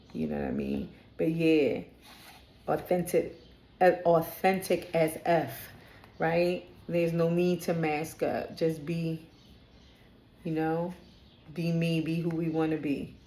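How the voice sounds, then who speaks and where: A woman's voice: low voice, a little slow, warm tone. A woman from Brooklyn, chatting candidly in a spiritual vlog and often checking in with "right?". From Brooklyn, New York. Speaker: spiritual vlogger. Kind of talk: casual spoken reflection. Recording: echoey room.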